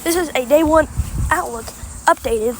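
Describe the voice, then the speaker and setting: A tired woman giving a casual spoken weather outlook update, halting and stumbling over words with many restarts. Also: sits high, slight background noise. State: tired after mowing.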